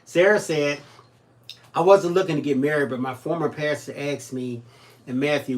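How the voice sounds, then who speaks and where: A man's voice: a little high, moderate pace. A man co-hosting a home crafting livestream, reading viewer comments aloud and teasing in easygoing chat. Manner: joking, teasing, animated storyteller.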